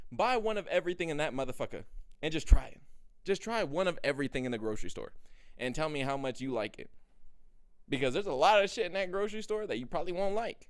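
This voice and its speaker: A young man giving a comedic, profane rant to camera as a vlogger, swinging from low mumbles to loud bursts in street slang. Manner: animated, swings between mumbles and loud outbursts. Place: indoor room.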